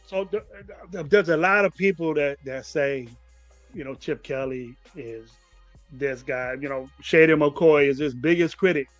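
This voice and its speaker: A man co-hosting a casual sports talk show, blunt and animated, with some swearing. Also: fairly high pitch, unhurried, no echo, soft background music. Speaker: co-host.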